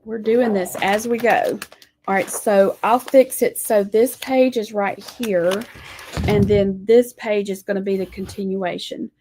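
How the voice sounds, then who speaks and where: A woman teaching a live lettering lesson, talking gently to viewers as she draws and reads scripture. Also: mid-range voice, fairly even intonation, noisy background. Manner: slow, gentle, talks to viewers while drawing.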